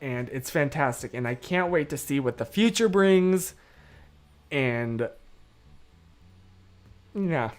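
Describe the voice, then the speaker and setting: A man's voice: fairly high pitch, lively intonation, slow, pauses often, faint music behind. A man hosting a livestream in casual, earnest chat that rambles along with restarts. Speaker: livestream host.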